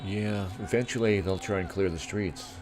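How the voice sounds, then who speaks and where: A man's voice: fairly low pitch, normal speed, background noise. A middle-aged man from Southern California hosting a livestream, giving sardonic, crude commentary over live feeds. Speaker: livestream host.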